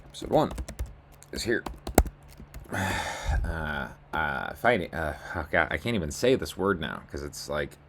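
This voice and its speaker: Very deep-voiced man rambling casually. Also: lively intonation, a little slow, creaky, a bit bright, slight background noise. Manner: meandering, self-mocking, mutters while scrolling. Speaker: video blogger. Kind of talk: casual rambling screen-share monologue.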